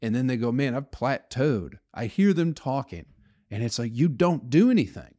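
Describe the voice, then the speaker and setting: A man hosts his own podcast in a solo rambling rant, his medium-pitched voice mellow, brisk, and sing-song. He swears heavily and restarts his sentences often.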